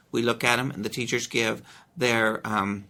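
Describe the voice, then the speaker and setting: An elementary school principal answers interview questions about his school earnestly, pausing often and restarting as he explains. His voice is mid-range and steady, with a bright, forceful tone.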